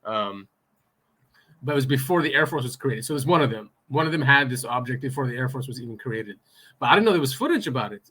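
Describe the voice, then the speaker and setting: A man hosts a podcast in easygoing conversation. He sounds excitable and breaks into laughs often. His voice is bright and forceful. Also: medium pitch, quick pace, breathy edge. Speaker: podcast host. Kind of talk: casual chat.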